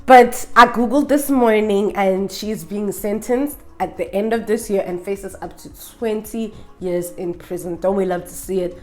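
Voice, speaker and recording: A woman's voice: mid-range voice, unhurried, hardly any pauses, a little mellow. Woman vlogger, sassy and emphatic, rhetorical questions, faint music underneath. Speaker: vlogger reviewing documentaries. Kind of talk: opinionated casual review.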